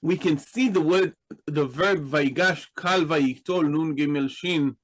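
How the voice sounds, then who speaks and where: A man's voice: fairly high pitch, unhurried, rough recording. A man teaching a class in a patient, explanatory way, asking his students questions. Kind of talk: slow, deliberate Hebrew grammar lesson.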